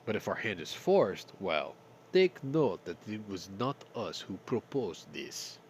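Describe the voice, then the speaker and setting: A man's voice: lowish voice, big pitch swings, a little slow, a little hiss or hum. A stuffy-nosed man hosting a casual news roundup, reading stories and adding sarcastic, profane jokes. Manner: sarcastic, swears, reads news then jokes. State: stuffy from sinuses. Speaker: news commentary host.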